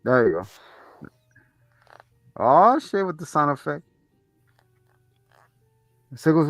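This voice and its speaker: Over soft background music with no room sound, a man with a fairly high voice and vocal fry speaks slowly, leaving long pauses. Co-hosting a movie review show, he casually retells the plot, swearing plenty and acting out the characters with animation.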